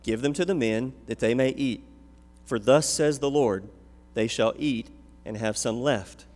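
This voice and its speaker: A man's voice: mid-range voice, measured pace, darkish tone, close to an everyday voice. A man voicing an elderly male prophet, reading his commands aloud in a firm, declaiming way with long hall reverb.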